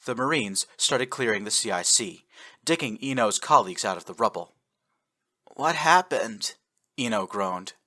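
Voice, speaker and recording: A man narrating a science fiction fan fiction story with an expressive, animated reading. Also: lowish voice, normal speed.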